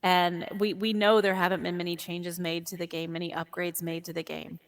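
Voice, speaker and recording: A woman speaking as an interview guest in casual chat, warm and animated and quick to laugh. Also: on the low side. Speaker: guest, VR sport caster. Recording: long echoey reverb.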